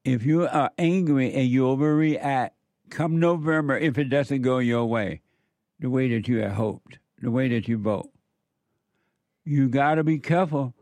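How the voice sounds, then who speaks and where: A man's voice: medium pitch, a little slow, a little mellow, no echo. A man delivering an opinion monologue, repeating his warnings with heavy emphasis. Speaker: political commentator.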